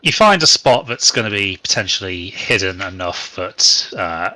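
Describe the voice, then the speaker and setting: A man narrating a tabletop game as game master, in a relaxed, rambling way with many fillers. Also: low voice, moderate pace, dry recording.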